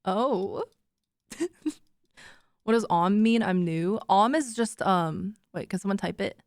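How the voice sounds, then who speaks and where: Young woman streamer, giggly casual chatter to her viewers, medium pitch, dry close sound. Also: slow, no echo. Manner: chatty and giggly, cooing baby talk to her dog.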